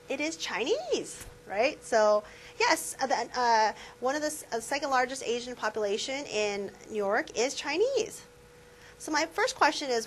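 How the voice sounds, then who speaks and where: A woman's voice: sits high, very animated, unhurried, slight background noise, poor audio. A woman professor giving a classroom lecture, conversational and putting questions to her students. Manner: conversational, asks the class questions, many fillers.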